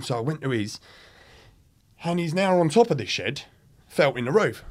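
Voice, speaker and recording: A man's voice: a little high, animated, normal speed, long pauses. A young British man telling a candid story in casual chat, swearing freely. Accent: British English. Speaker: podcast guest.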